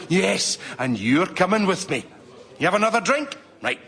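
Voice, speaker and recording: A man's voice: high-pitched, sing-song, normal speed, creaky, fairly bright tone, slightly rough, full character voice. A man voicing a paranoid, bigoted pub bloke with a blustering, conspiratorial manner. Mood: conspiratorial rant. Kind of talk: stand-up comedy character.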